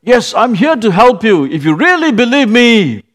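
A man's voice: very high voice, sing-song, moderate pace, a bit bright, pitched above the performer's own voice, full character voice. A man preacher voicing God in a story, speaking in a firm, strong, declaring voice. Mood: commanding.

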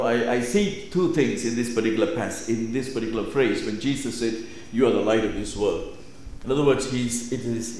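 A man preaching a sermon, swinging between hushed and loud emphatic phrases and repeating them. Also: medium pitch. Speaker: pastor. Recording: very echoey room.

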